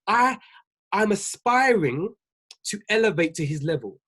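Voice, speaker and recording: A business coach preaches to his livestream viewers in a husky voice. His pitch leaps and dips all over as he repeats his points with emphasis, laughing often between them. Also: sing-song, moderate pace, fairly bright tone. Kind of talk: livestream motivational talk.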